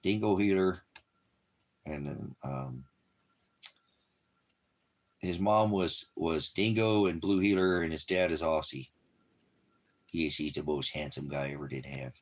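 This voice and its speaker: A man's voice: rumbling low, measured pace, long pauses. A man vlogging in a loose, rambling way, full of ums and repeated phrases. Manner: loose, filler-heavy, repeats himself. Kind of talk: casual rambling chat.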